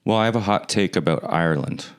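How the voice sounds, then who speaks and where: A man hosting a comedy chat show, teasing his guest in a dry way and reading aloud slowly. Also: deep voice, clean tone.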